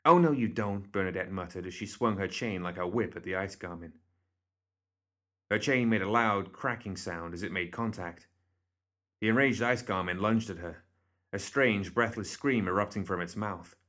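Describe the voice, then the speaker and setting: A man reading a story aloud as audiobook narrator, in a steady, measured way. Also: low voice.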